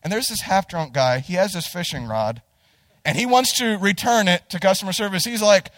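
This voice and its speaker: A man's voice: high voice, moderate pace, dry recording, big-room sound. A young man preaching as a youth pastor, telling a funny story and talking straight to his listeners. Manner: animated storyteller, addresses listeners directly. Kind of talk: humorous sermon story.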